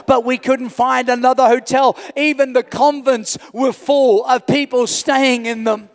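A man from Australia, a pastor telling an animated story in a sermon and often shouting for emphasis. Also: very high-pitched, moderate pace, gravelly. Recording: long hall reverb.

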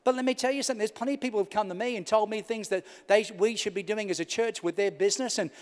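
A pastor in the middle of a sermon, telling his story with a storyteller's swings between loud bursts and near-whispers. His voice sits fairly high for a man. It carries through a large hall with a long trailing reverb. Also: racing. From Australia. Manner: storytelling, rising loud and falling to a hush.

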